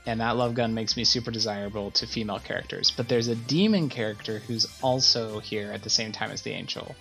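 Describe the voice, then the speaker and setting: A woman's voice: a bass voice, a little fast, gravelly, music in the background. A woman playing a visual novel game, chatting casually, reading the text aloud and grumbling. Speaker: gamer streaming a visual novel. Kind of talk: casual let's-play narration.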